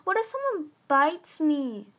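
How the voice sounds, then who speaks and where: A woman voicing a timid young male dragon who whines in slow, drawn-out pleas. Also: sits high, very animated, fairly bright tone, voice pushed up, heavily acted. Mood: whiny. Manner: whining, drawn-out pleading.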